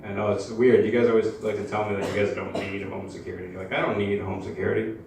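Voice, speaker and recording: A young man performing amateur stand-up in a comedy club, deadpan and hesitant, full of uhs and likes. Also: on the low side, fast. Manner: hesitant, deadpan, filler-heavy. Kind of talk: stand-up routine. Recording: echoey live club, mic at distance, room noise.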